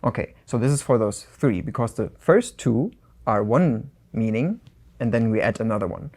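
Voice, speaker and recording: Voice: medium pitch, lively intonation, normal speed, a little mellow. A co-host on a language lesson podcast, explaining and repeating phrases in a conversational way.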